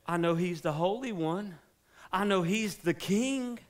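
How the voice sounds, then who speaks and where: A pastor, preaching a sermon in a joking, conversational way that builds to fervent exhortation. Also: male voice, sits high, a little slow. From South Carolina, US.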